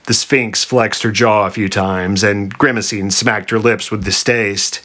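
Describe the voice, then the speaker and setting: A man reads a comic story aloud in a dry, deadpan narrator's voice. His pitch sits low. The sound is bright and forward. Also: moderate pace, few pauses.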